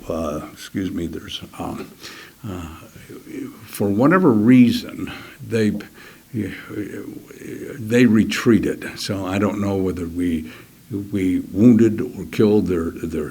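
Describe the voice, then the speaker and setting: An older man telling a personal war story in an interview, halting and restarting, sometimes dropping to a near whisper. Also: sits low, dark tone, husky. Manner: halting, many restarts, drops to a near whisper at key moments; acts out other soldiers' words in quick quoted voices. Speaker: interview guest.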